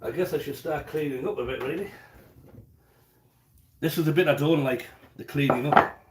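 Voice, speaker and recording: A man's voice: fairly high pitch, moderate pace, slight background noise. A man chatting casually in his home kitchen during a live cooking stream, rambling and often repeating words as he goes.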